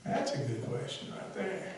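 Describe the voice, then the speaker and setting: A male pastor preaching a sermon with a conversational, self-deprecating manner, sometimes rising to loud emphasis. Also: moderate pace, very echoey, recorded from a distance, background noise. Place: church sanctuary.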